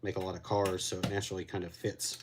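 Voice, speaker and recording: Low-voiced man chatting while he builds. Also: flat delivery, fast talker, noisy background. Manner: laid-back, rambling, reacts to chat. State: recovering from a cold, a little winded. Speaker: LEGO builder streaming to chat. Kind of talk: casual live-stream chat while building.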